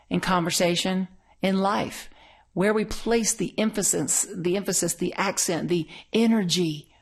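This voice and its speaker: A woman's voice: lowish voice, breathy edge. A middle-aged woman minister giving a conversational, story-filled sermon. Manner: conversational, storytelling, laughs often.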